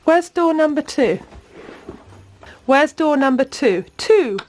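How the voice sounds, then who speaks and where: A woman's voice: high-pitched, expressive, takes it slowly, slight background noise. A young mother filming a casual home vlog, chatting to camera and coaxing her toddler in a sing-song voice. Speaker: vlogger and mum.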